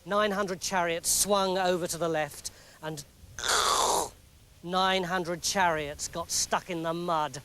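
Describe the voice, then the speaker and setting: An English man telling a comic story in a lively, mock-dramatic narrating voice. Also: sits high, takes it slowly, smooth.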